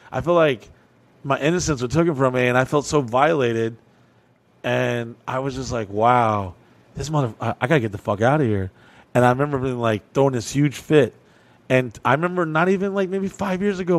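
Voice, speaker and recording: A man from Kentucky hosting a podcast, telling a story in a profane, animated way, full of "like" fillers. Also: fairly high pitch, dry recording. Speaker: podcast host. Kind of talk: casual storytelling.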